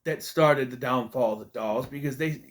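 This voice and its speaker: A man's voice: mid-range voice, normal speed. A young man giving a casual, rambling spoken review of a TV episode, exasperated, swearing now and then and often restarting his sentences.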